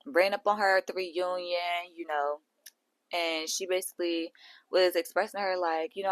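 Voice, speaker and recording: A woman hosting a reality show recap, animated, gossipy and profane. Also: lowish voice, moderate pace, no echo. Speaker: host.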